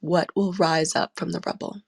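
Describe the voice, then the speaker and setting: Gravelly-voiced woman hosting a tarot chat. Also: on the low side, fairly even intonation, moderate pace. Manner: warm, chatty and laughing often, says y'all. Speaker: tarot reader and host. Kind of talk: live audio tarot session chat.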